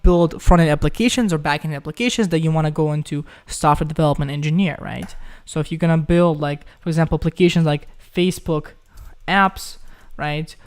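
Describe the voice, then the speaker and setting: A man's voice: a little high, smooth. A young man from Ukraine hosting a casual live stream, chatting loosely as he reads viewers' questions aloud and keeps calling them guys.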